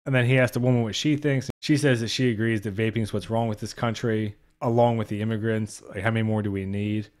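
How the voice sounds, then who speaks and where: A man's voice: lowish voice, fairly even intonation, quick pace, hardly any pauses, a little mellow, smooth. A young man giving a casual spoken movie review, blunt and profane, openly exasperated.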